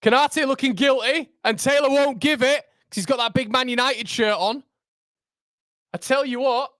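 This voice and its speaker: A young man reacting live to a football match for his fan channel, swinging from groans to excited shouts. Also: very high-pitched, normal speed, no echo, clean studio sound.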